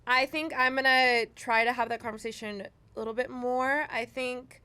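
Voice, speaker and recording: Easygoing woman with a slightly high voice. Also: moderate pace, clear, resonant tone, no room sound. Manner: relaxed and agreeable, laughs easily. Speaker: podcast co-host. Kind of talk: casual chat.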